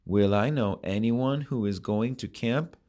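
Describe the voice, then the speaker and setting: A man's voice: lowish voice, unhurried, dark tone, natural voice. A man voicing a shy young boy heading to camp, in a children's storybook reading.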